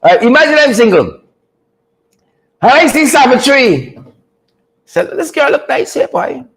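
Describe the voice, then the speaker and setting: A man hosting a comedic commentary segment, teasing in a preacher-like way with drawn-out punchlines. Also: extremely high pitch, very animated, vocal fry, fairly bright tone, rough recording. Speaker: show host.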